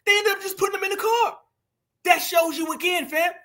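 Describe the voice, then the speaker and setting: A man's voice: very high voice, brisk, sharp tone. A man hosting a commentary video who talks in slang, with emphasis, and keeps addressing his viewers as family. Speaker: commentary host. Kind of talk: commentary over video clips.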